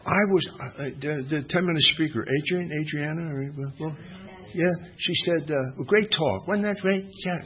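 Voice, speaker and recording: A man's voice: on the high side, normal speed. An older man giving a recovery talk at a meeting, telling his story in a folksy, wry, self-mocking way. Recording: dull lo-fi recording with faint hiss.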